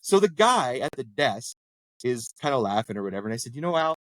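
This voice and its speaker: A man's voice: medium pitch, very animated, brisk, fairly bright tone, no echo, rough recording. A middle-aged man, a local councillor, telling anecdotes in casual chat and jumping into voices when he quotes people. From Canada. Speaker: ward councillor, podcast guest.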